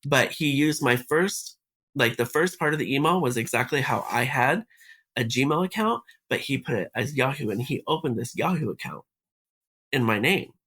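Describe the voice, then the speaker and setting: A man with a husky, somewhat breathy voice sits in as a podcast guest and recounts a personal story. He keeps slipping into the words of the people involved, and his voice sits neither high nor low. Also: animated, moderate pace, sharp tone. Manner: retells events by acting out quoted dialogue.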